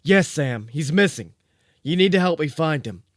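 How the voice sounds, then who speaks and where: A man's voice: a little high, animated, normal speed, dry recording, studio quality, pitched above the performer's own voice, close to an everyday voice. A man voicing a small, hotheaded, foul-mouthed male corgi who barks between words. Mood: brash.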